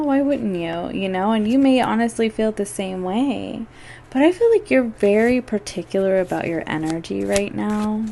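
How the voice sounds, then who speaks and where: Casting: woman tarot reader, easygoing chatty delivery, slow unhurried pace, faint ambient hum. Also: mid-range voice, darkish tone. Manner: chatty, filler-heavy, addresses the listener directly. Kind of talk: casual monthly tarot reading.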